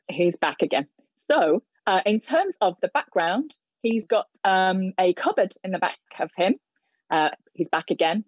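A woman working as a sign language interpreter, speaking live for a deaf host over a video call with many pauses and fillers. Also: medium pitch, darkish tone, dry recording, muffled recording. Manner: hesitant, many fillers and restarts. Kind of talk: live spoken interpretation of signed talk. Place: indoors in front of a plain grey backdrop.

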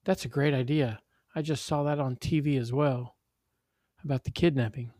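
A man's voice: mid-range voice, steady tone, normal speed, mellow, no echo, clean studio sound, natural voice. A man voicing a concerned neighbor mother searching for her child in a read-aloud story.

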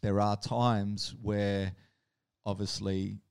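Flat-voiced male host, dry sound. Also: lowish voice, drawn-out words, gravelly, clean tone, no echo. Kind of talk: conversational interview.

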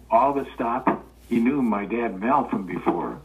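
An older man from Los Angeles, California, is a guest in a storytelling interview, relaxedly sharing old anecdotes and acting out the voices of the people in them. His voice is mid-range and unhurried, and the audio has a tinny phone-line quality.

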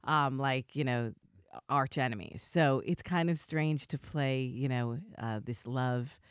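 A woman, an actress, chatting in a podcast interview, effusive and gushing, with lots of fillers and big swings in pitch. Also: unhurried, clear, resonant tone, no room sound, studio quality. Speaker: actress guest.

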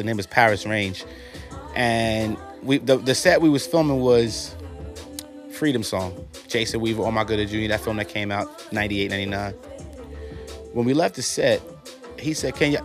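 A man, a guest telling rough, profane stories in casual talk and acting out the other voices. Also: mid-range voice. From New York. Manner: animated, profane, acts out quoted dialogue. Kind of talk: casual storytelling.

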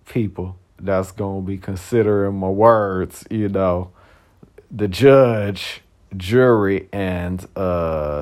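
A man's voice: low voice, a little mellow. A man hosting a podcast in a casual, rambling monologue, full of "you know" and with the odd curse. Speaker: podcast host.

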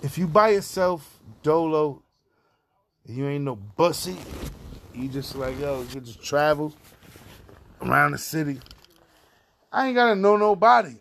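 A man's voice: fairly high pitch, lively intonation, a little slow, vocal fry, long pauses, fairly bright tone, a little hiss or hum. A man from Far Rockaway, Queens, with a New York accent, talking through a profane, rambling opinion monologue as a podcast host.

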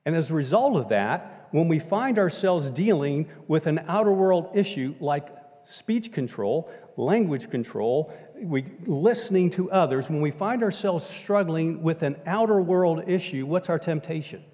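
A man's voice: a little high, animated, unhurried, warm tone. A middle-aged man preaching a sermon as pastor, emphatic and repeating "folks" as he addresses the congregation. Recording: long hall reverb.

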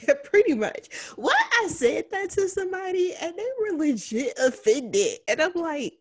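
A woman's voice: high voice, big pitch swings, measured pace, no room sound. Giggly woman co-hosting a podcast. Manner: chatty and giggly, rambling. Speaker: podcast co-host. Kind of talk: casual podcast chat.

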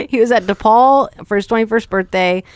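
A woman's voice: fairly high pitch, unhurried, clean tone, no echo. A young woman co-hosting a podcast, chatty and playful in casual talk. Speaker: podcast co-host.

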